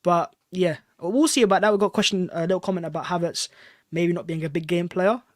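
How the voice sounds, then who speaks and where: A man's voice: high-pitched, dry recording, studio quality. A man co-hosting a fan podcast, chatty and leading the segment. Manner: quick, chatty, leads the segment. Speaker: podcast co-host. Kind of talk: casual football chat.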